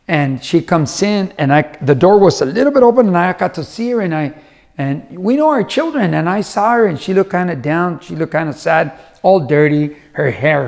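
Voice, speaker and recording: Gravelly middle-aged motivational speaker man. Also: a little high. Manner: conversational, acts out quoted voices. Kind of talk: motivational storytelling talk.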